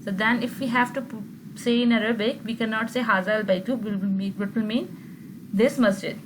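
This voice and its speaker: A woman's voice: on the high side, fairly even intonation, a little fast, background noise. A woman teaching an online grammar class, explaining patiently and often checking with her students. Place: video call.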